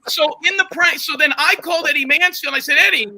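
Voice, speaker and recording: A man's voice: extremely high pitch, quick pace, gravelly, sharp tone. A man hosting a podcast, pushing his side of a story during a heated argument and talking over the others. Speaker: podcast host.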